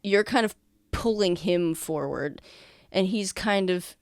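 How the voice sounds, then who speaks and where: A woman game master narrating a tabletop game in a smooth, clear voice that sits a little low. She is close and dry on the mic, and her delivery is casual and halting, full of fillers. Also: no room sound.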